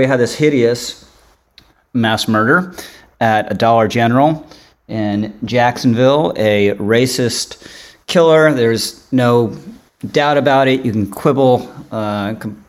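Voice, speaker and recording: A man hosting a political podcast panel, talking casually with frequent stumbles and restarts. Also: on the low side. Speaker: podcast host.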